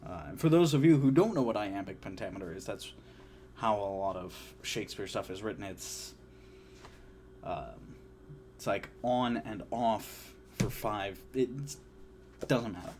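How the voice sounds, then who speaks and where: A young man talking casually to camera about his hopes, eager but halting, with many restarts. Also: lowish voice, expressive, a little mellow, slight background noise. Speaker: vlogger.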